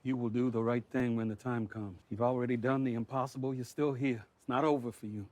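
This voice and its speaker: An actor playing a grown male survivor in a TV drama, speaking calmly and reassuringly. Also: medium pitch, brisk, dry recording, close to an everyday voice. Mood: steady.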